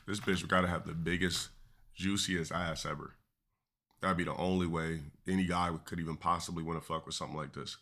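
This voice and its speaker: A man with a very low voice and a bright, sharp edge gives crude, blunt reaction commentary on his live stream. He dismisses what he is watching in short, cutting remarks. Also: fairly even intonation, brisk.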